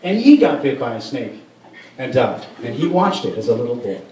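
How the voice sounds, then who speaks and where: A man's voice: medium pitch, wildly swooping pitch, measured pace, long pauses, very noisy. A man doing a stand-up comedy set in a club, rambling and profane with many restarts. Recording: roomy room sound from a far mic.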